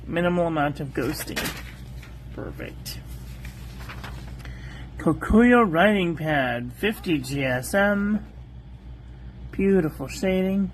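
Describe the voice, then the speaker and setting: A woman hosting a calligraphy channel, methodically reviewing ink on one paper after another in a calm, soft-spoken voice. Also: on the low side, slight background noise.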